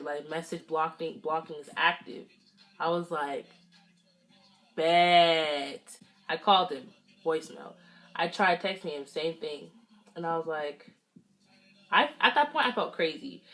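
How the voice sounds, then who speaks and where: A young woman from the Los Angeles area tells a story while she does her makeup. Her voice sits a little low, and her manner is chatty and animated. She switches into voices for the people she quotes. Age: young adult. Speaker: beauty vlogger.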